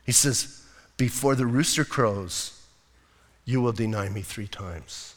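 A male pastor preaching a sermon in a casual, animated style, using slang and acting out the lines of the people in the story. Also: mid-range voice, slow pace, in a large hall. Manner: animated, conversational preaching with slang and acted-out quotes. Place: church sanctuary.

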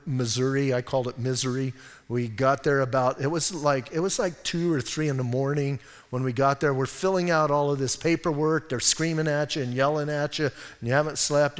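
Folksy older male pastor, echoing hall. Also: a little high. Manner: folksy storytelling, animated asides. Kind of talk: sermon. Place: church sanctuary.

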